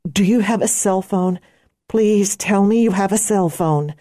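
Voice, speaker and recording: A woman voicing an adult woman who speaks urgently but tries to stay calm in an audiobook. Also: mid-range voice, measured pace, no room sound, clean studio sound, natural voice. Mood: tense. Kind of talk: audiobook character voice.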